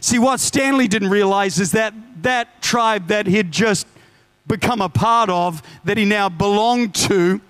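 A male preacher with a fairly high voice for a man. He preaches with lively storytelling, swinging between urgent declarations and chatty asides. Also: unhurried, clean tone. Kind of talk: sermon.

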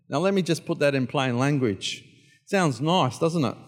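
Emphatic pastor in a reverberant hall. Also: male voice, a little high, normal speed. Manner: builds from quiet prayer to loud, rising emphatic repetition. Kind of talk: sermon.

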